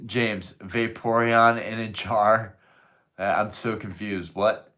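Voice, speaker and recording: In a casual livestream, a man reads viewer messages aloud and answers them loosely, joking and swearing plenty. His voice sits fairly low, with a steady, sharp tone and a slow pace.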